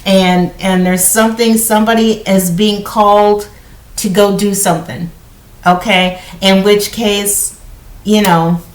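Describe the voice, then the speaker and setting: A woman reading tarot cards for her viewers in a loose, conversational way, often checking in with her listeners. Her voice sits at an ordinary middle pitch. The sound is roomy, with a noticeable echo around her. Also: steady tone, a little slow. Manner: chatty, conversational, heavy use of "you know" and "okay?". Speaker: tarot card reader. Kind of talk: casual spoken card reading to viewers.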